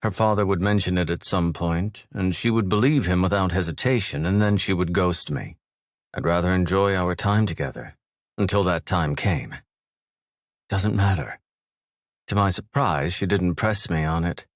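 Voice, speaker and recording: A man narrating a first-person romance audiobook in a measured, low-key way. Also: no room sound, studio quality.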